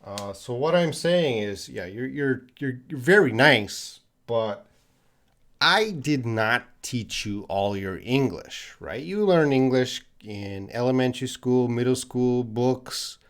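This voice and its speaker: Canadian guy answering english questions on a live stream, talks slow, repeats words for learners. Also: medium pitch, lively intonation. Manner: patient explaining, repeats words slowly for learners. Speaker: English teacher.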